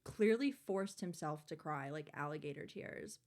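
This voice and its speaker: A woman in her twenties, guesting on a podcast, tells a personal story in candid, chatty talk full of "like" and swearing. Her voice is deep with lively intonation at normal speed, and the recording is very noisy.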